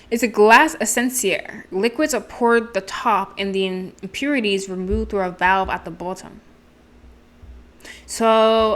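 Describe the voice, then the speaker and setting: A woman playing a game, reading its descriptions aloud and thinking through puzzles out loud. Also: mid-range voice, a little hiss or hum. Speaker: let's play gamer. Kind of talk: reading game text and commentary. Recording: game music behind. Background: game music.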